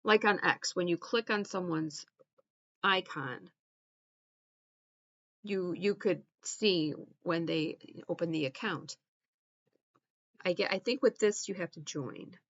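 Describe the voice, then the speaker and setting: A woman YouTube creator talking back to a video she is playing, halting and repeating herself in casual commentary. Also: fairly low pitch, no echo, muffled recording. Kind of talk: casual commentary over a clip.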